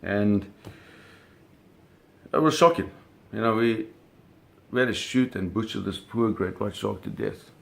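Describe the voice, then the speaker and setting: A man's voice: lowish voice, moderate pace, vocal fry. A man telling a vivid personal story in a casual way, cursing freely and acting out the sounds and scenes. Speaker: storyteller recounting a personal experience.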